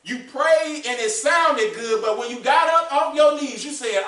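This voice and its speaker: A man's voice: extremely high pitch, a little slow, bright, forceful tone. A man preaching a sermon as pastor, asking the congregation questions and building his points up. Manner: preaching with call-and-response questions. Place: church sanctuary. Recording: roomy echo, mic at a distance.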